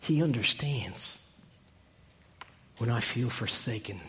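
A pastor preaching a sermon, his delivery swinging from loud emphatic peaks down to hushed, near-whispered lines. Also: mid-range voice, expressive, slow pace, in a large hall.

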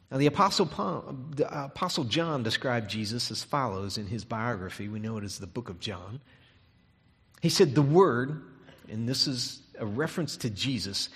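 A man preaching a sermon with emphatic delivery, dropping to soft, near-whispered tones on key words. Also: mid-range voice, big-room sound.

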